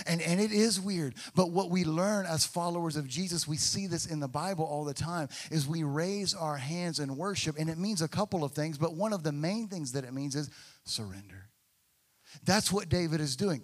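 A man preaching a sermon as a pastor, in an easy, chatty tone aimed at the congregation. He acts out quoted voices and prayers. His delivery builds to emphatic, louder peaks, then drops to quiet, hushed prayer. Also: fairly high pitch, normal speed.

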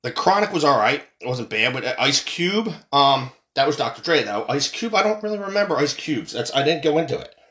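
A man's voice: on the high side, very animated, fairly quick, few pauses, sharp tone. A man giving a heated, profane, rambling opinion rant as a commentator.

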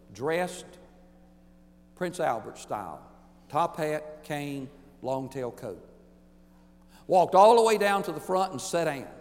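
In a big-sounding room, a male pastor delivers an emphatic sermon. He swings between booming declarations and hushed asides.

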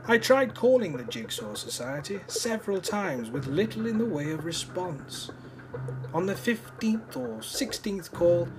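A man hosting a comic podcast, talking in a deadpan, mock-serious way and getting flustered when interrupted, recorded on a phone microphone. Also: a little high. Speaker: podcast host. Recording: music bed underneath.

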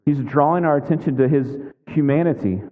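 A man's voice: on the high side, a little fast. A man preaching a sermon as pastor in a conversational way, with frequent asides asking his listeners. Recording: tinny lo-fi sound in a big echoing hall.

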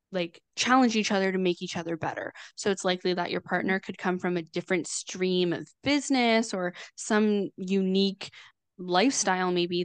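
A woman's voice: on the low side, clear, resonant tone, no room sound. A woman astrologer explaining things casually on a video call, chatty, with lots of fillers and restarts. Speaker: astrologer guest.

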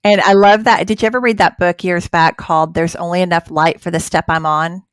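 A woman hosts the interview with a lower voice, recorded dry and close. She affirms and encourages her guest often and talks freely about her faith. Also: fairly even intonation, a little fast, no room sound. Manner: affirming, encouraging, frequent agreement. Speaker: interview host. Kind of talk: conversational interview.

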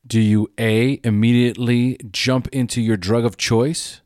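A man's voice: mid-range voice, flat delivery, unhurried, a little mellow, no echo, clean studio sound. A man speaking earnestly about addiction recovery, firing off rhetorical questions and acting out short quoted exchanges. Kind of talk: earnest motivational talk.

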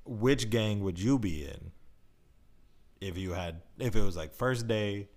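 A man's voice: on the low side, expressive, unhurried, a little mellow. A man co-hosting a casual movie review chat, joking and teasing. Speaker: podcast co-host.

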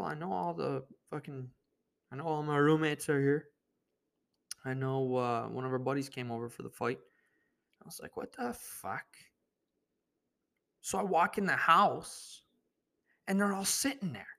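A man's voice: fairly high pitch, normal speed, creaky, pauses often, a bit bright. A young man hosting a podcast, telling a rambling, profane story in a laid-back, casual monologue. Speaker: podcast host.

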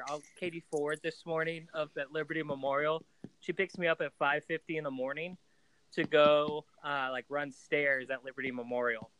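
A man's voice: fairly high pitch, fairly bright tone, clean tone, poor audio. A young man co-hosting a casual podcast, telling rambling stories full of fillers. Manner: rambling storyteller, many "like" fillers. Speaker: podcast co-host. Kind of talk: casual chat.

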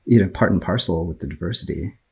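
Low, husky-voiced reflective man. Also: darkish tone, rough recording. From United States. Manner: measured, reflective, with many fillers. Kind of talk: casual conversational discussion.

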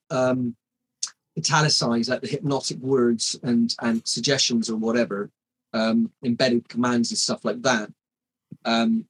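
On a low-quality recording, a hypnotist in his forties tells his story during a casual interview. His mid-range voice is slightly rough, and he restarts often and leans on fillers.

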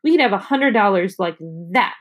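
A woman's voice: mid-range voice, lively intonation, a little fast, natural voice. A woman reading aloud, voicing a proud, bossy young girl with a snappy, indignant way of talking.

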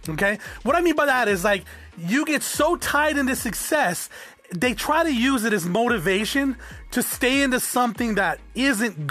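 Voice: mid-range voice, fairly bright tone. A podcast host and business owner giving a blunt, profane solo monologue, often checking in with the listener by asking "okay?".

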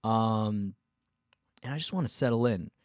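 A young man with a low voice, recorded close and dry, tells a casual road story. He rambles, restarts his sentences often and acts out the lines of the people he met. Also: unhurried, no echo. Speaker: touring musician and podcast host.

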